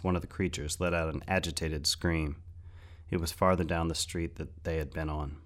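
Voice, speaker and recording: A man with a very low, deep voice narrates a story. His reading is steady and measured, suited to an audiobook.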